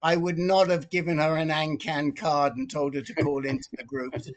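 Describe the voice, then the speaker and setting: Animated man with a high voice, storytelling. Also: moderate pace. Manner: animated storyteller, repeats and restarts words. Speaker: support group member. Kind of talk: casual group video call. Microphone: video call.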